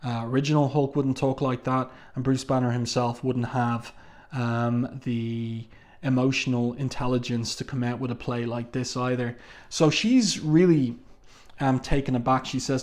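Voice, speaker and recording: A man's voice: mid-range voice, steady tone, unhurried, a little mellow. Chatty man reviewing a comic. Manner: conversational, chatty, with frequent ums and asides. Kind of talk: casual comic review, reading panel dialogue aloud.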